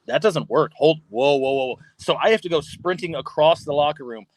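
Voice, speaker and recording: A man, a guest on a podcast, tells a story in a casual, animated way, laughing often and swearing freely. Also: on the high side, brisk, no room sound. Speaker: podcast guest, pro wrestler. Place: podcast studio.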